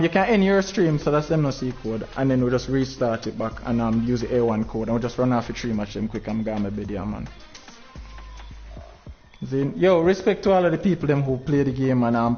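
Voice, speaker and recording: A man's voice: mid-range voice, lo-fi sound. A Jamaican man hosting a game tournament livestream, talking in heavy patois, frustrated and preaching at his viewers.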